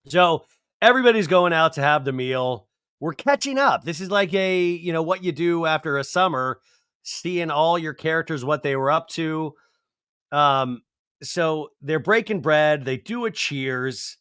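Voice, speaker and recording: A man talking through a reality show recap in a loose, joking, rambling way, his voice sitting a little high for a man. The sound is dry and close, with no room around it. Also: a little slow, clear, resonant tone, dry recording. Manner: animated, digressive, jokey. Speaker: podcast host. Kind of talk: casual comedic TV recap.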